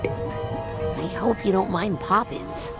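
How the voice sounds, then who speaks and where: Game: a young boy hero, inquisitive, cheeky, animated. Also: mid-range voice, slow, loud music behind the voice. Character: young boy psychic agent, plucky and curious.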